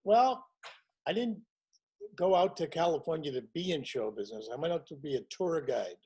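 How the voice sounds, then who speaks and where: A man in his sixties, a comedian guest telling his show business stories in a lively way and acting out the people he quotes. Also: on the high side, moderate pace, breathy edge, poor audio. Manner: animated storyteller acting out quotes in other voices. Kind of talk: casual storytelling chat.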